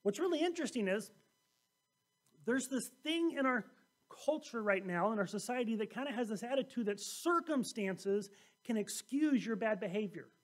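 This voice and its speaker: A man preaching a sermon as pastor, telling scripture stories in a lively way and acting out the voices of the people in them. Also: very high voice, moderate pace. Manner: animated storytelling, acting out quoted voices.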